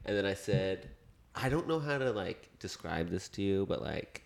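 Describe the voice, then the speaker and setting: A man's voice: sits low, moderate pace, vocal fry. A man hosting a comedy podcast, telling stories in casual chat and acting out the people he quotes. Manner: animated storyteller, acts out quotes. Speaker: podcast host.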